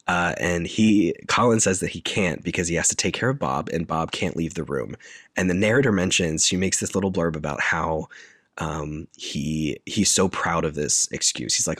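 A man's voice: low voice, normal speed, a bit bright, no room sound, studio quality. A man casually recapping a film plot, rambling and full of filler words.

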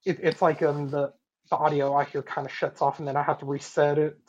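Man, podcast co-host, halting, flat delivery, muffled lo-fi Bluetooth audio. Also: fairly high pitch. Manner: halting, searching for words. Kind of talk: casual chat. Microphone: remote Bluetooth audio.

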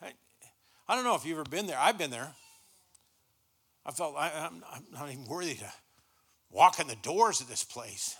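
Bright-voiced folksy man preaching. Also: fairly high pitch, expressive, normal speed, pauses often, breathy edge. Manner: folksy, repeats words when starting sentences. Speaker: guest pastor. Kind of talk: sermon. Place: church.

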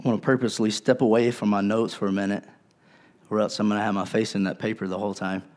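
A man's voice: fairly low pitch, little pitch movement, fast, darkish tone. A male pastor preaching a sermon in a conversational, earnest way, with casual asides to his congregation.

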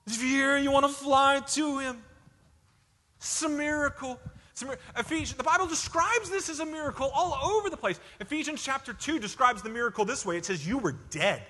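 A man preaching a sermon, emphatic, dropping from loud declarations to hushed lines. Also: extremely high pitch, fairly quick. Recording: hall reverb.

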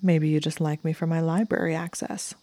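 A woman voicing a smug but devoted young male wizard, speaking his lines dryly and earnestly in her own low voice. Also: little pitch movement, a little fast, mellow, no room sound, close to an everyday voice.

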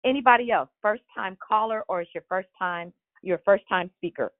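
A woman's voice: mid-range voice, normal speed, no room sound. A woman hosting a church prayer call over the phone, speaking in an encouraging, preacherly way. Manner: warm, encouraging, sermon-like cadence. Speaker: host of a prayer call line. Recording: tinny phone line.

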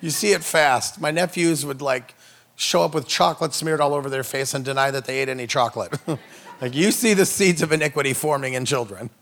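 A man in his thirties, a preacher, telling funny family stories in a sermon, joking and acting out voices with big jumps in pitch. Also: fairly quick, fairly bright tone. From Norway. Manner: playful, jokey, acts out quotes with big pitch jumps. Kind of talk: comedic sermon storytelling.

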